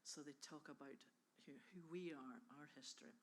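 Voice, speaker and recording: A woman's voice: deep voice, normal speed. An Irish woman giving an enthusiastic, chatty conference presentation about a bog conservation project, often interrupting herself. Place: conference hall.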